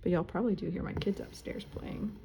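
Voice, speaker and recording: A woman's voice: lowish voice, fairly even intonation, a little fast, gravelly, mellow, slight background noise. A woman, teaching embroidery at home in a chatty, self-deprecating way. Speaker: embroidery instructor. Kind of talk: casual tutorial talk while stitching. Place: at home, indoors.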